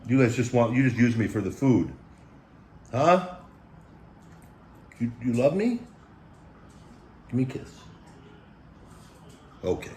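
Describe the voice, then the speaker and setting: A man's voice: medium pitch, sing-song, slow, long pauses, darkish tone, roomy sound, a little hiss or hum. Rambling laid-back man. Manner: rambling, laid-back, calls himself the big guy. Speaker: food review vlog host. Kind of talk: casual chat. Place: home room with pet dogs.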